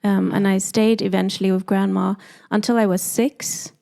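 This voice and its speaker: South African woman, doula guest; lively storyteller who acts out the people she quotes. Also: medium pitch, normal speed, gravelly. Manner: animated, acts out quoted voices. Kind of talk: storytelling interview.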